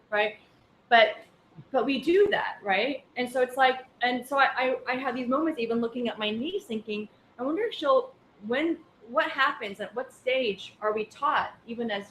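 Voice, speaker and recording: A woman's voice: a little high, normal speed, a bit bright, slight background noise. A woman teaching a Buddhist class in a chatty, anecdotal way full of fillers. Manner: conversational, anecdotal, many fillers. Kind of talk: casual dharma class talk. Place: class room. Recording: echoey room with faint ambience.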